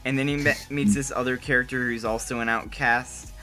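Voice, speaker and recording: Young male co-host, jokey, bright forceful tone, faint music under. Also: medium pitch, steady tone. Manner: joking, quick to laugh. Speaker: podcast co-host. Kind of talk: casual chat.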